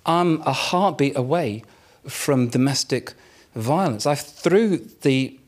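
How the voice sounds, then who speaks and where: A man preaching a sermon, telling a personal story in a candid, self-mocking way with dramatic pauses. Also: medium pitch, lively intonation. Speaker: pastor.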